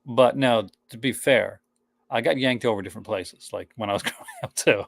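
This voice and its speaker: A man's voice: mid-range voice, brisk, creaky, dry recording. A man from Newfoundland, co-hosting a live stream in a joking, casual chat full of fillers. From Newfoundland, Canada. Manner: joking, chatty, many fillers.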